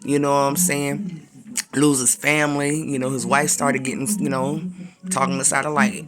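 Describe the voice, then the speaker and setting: A man's voice: mid-range voice, level tone, normal speed, a bit bright. A man giving a casual, slangy talk of encouragement, full of conversational asides. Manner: slangy, conversational, repetitive fillers. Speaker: preacher.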